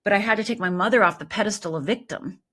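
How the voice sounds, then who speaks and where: Sixties woman guest, slightly husky, lively storyteller who keeps checking in with the listener. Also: medium pitch, fast talker. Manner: animated, tags thoughts with "right?". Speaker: guest life coach. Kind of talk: conversational interview storytelling.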